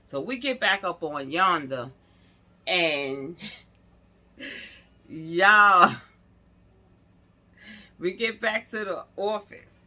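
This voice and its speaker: Animated woman telling a story to her viewers. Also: fairly low pitch, very slow, long pauses. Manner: animated, acts out the people she quotes; chatty, keeps addressing viewers directly. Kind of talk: casual storytime monologue to viewers.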